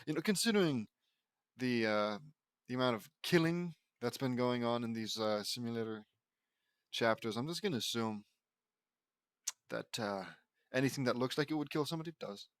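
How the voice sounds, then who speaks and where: A man's voice: medium pitch, moderate pace, long pauses, clean tone, dry recording, clean studio sound. A man reading fan fiction aloud with stumbling, rambling asides and restarts. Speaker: audiobook reader.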